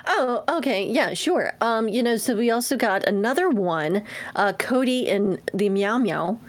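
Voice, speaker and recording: A woman co-hosting a casual podcast, talkative and quick to laugh, with many fillers. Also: on the high side, animated. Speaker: podcast co-host. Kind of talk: casual chat.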